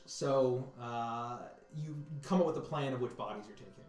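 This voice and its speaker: A man narrating a tabletop game as game master, halting and repeating words as he describes scenes. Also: medium pitch, faint music behind. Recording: echoey room.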